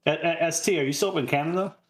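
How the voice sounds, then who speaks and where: A man from Minnesota chatting casually in a plainspoken way, quick to laugh. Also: a little high, a little hiss or hum. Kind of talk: casual chat.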